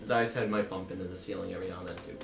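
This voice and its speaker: A man's voice: sits low, fairly even intonation, racing, gravelly, far from the mic. A man playing a tabletop game, eagerly describing what his character does. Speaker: player. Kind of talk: casual chat at a tabletop game. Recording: echoey room with music behind.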